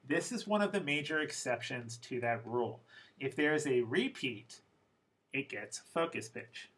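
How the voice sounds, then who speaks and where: A man's voice: mid-range voice, bright, forceful tone, poor audio. A man teaching English pronunciation in a recorded lesson, explaining patiently and step by step.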